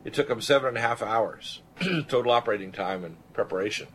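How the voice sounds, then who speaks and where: A man in his sixties, a physician and radio host, telling a personal story in an animated, rambling way, often clearing his throat. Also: mid-range voice, a little fast, slight background noise, poor audio. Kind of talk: storytelling on a talk radio show.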